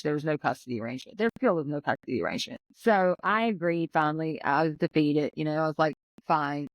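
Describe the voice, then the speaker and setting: As a podcast guest, a woman with a low voice emotionally recounts a painful personal story, acting out what other people said in quoted voices. The recording is rough, with no echo.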